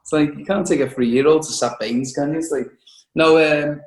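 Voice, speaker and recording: Male chef guest, teasing and quick, slightly raised pitch, roomy call audio. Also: steady tone. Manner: jokey and teasing, laughs a lot, talks in quick bursts. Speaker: chef and restaurant owner. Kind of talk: casual interview over a video call. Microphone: video call.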